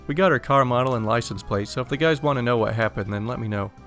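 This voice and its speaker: Young male narrator, mid-pitched, casual read-aloud story, faint music underneath. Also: fast, a bit bright. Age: young adult. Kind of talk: reading an online story aloud.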